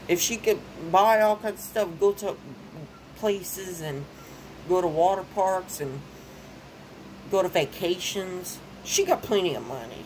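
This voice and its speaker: A woman's voice: fairly low pitch, slight background noise, poor audio. Worked-up young woman ranting. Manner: ranting, repeats phrases, gets worked up. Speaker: vlogger. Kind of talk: casual venting monologue.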